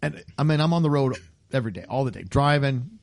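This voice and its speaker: A man's voice: medium pitch, lively intonation, quick pace, gravelly. A man in his fifties hosting a casual comedy podcast, telling stories animatedly and acting out the people in them. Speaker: podcast host.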